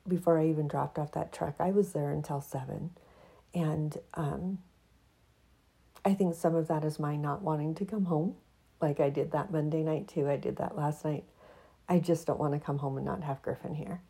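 A woman speaks in a soft, heartfelt personal monologue. Her voice sits low, with a husky, gravelly texture and a dark, mellow tone. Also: steady tone, moderate pace. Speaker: writer reading her own piece. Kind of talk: personal reflective monologue with reading.

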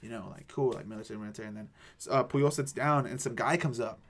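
A man's voice: medium pitch, fast talker. A young man hosting a podcast, telling a story in casual chat, rambling with lots of fillers and acting out what people said. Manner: rambling, lots of "like" and "dude", acts out quotes. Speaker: podcast host.

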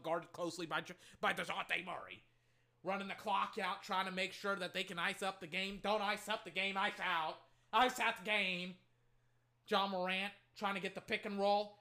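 A fan doing casual play-by-play commentary on his own microphone, excitable and quick to rant and swear at players and referees. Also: medium pitch.

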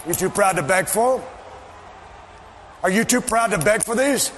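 A man cutting a wrestling promo, taunting and mocking, often shouting. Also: high voice, expressive, normal speed. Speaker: pro wrestler. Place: arena. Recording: echoey arena audio with faint background noise.

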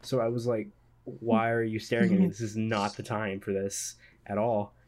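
A man hosting a podcast, telling a story in a halting, rambling way full of fillers and restarts. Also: lowish voice, little pitch movement, a little mellow. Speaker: podcast host. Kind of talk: casual storytelling chat.

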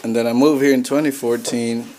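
Young man from the Philippines, podcast guest, mid-pitched voice, laid-back slangy talk, faint background noise. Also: steady tone, brisk, dark tone, low-quality recording. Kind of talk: casual podcast chat.

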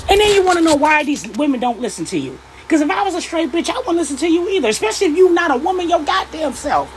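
A woman's voice: very high voice, sing-song, quick pace, hardly any pauses, slight background noise, rough recording. A young adult woman delivering a heated, profane opinion rant to camera, blunt and confrontational and plainly upset. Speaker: vlogger.

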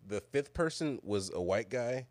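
A man's voice: mid-range voice, lively intonation, a little slow, darkish tone, no echo. A man, co-hosting a casual chat and telling rambling stories with lots of laughter. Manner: laughing, rambling, loose storytelling. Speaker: podcast co-host.

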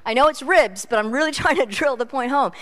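A woman's voice: high-pitched, brisk, a bit bright. Chatty woman preaching with humor. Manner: chatty, self-deprecating storytelling preacher. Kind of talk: sermon.

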